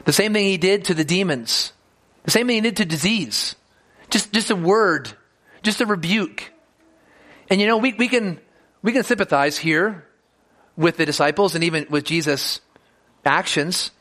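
Male pastor, sermon delivery, high voice, earnest, repeats words on restarts. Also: moderate pace, long pauses, fairly bright tone.

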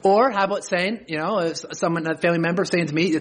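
A pastor preaching a sermon to his church, earnest, swinging between low, slow passages and emphatic high points.

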